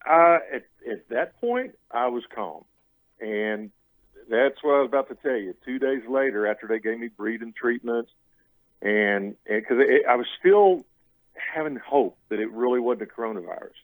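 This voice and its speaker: A man's voice: mid-range voice, moderate pace, no room sound, low-quality recording. A man in his late fifties from Louisiana, telling his story as a radio interview guest, rambling with restarts. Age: 50s. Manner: rambling storyteller with restarts, acts out what others said.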